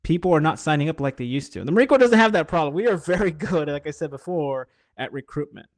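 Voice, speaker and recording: A man's voice: fairly high pitch, animated, quick pace, no echo. A man hosting a podcast interview, speaking emphatically to the community and prompting his guest. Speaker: podcast host.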